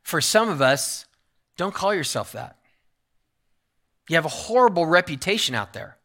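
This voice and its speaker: Man preaching, middle-aged, earnest, repeats phrases, bright forceful tone, slightly high voice. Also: big pitch swings, normal speed. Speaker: pastor. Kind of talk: sermon.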